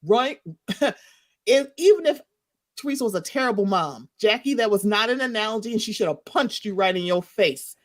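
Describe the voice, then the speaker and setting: A woman, a podcast guest in casual gossip chat, animated and often acting out quoted reactions with laughter. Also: mid-range voice, normal speed.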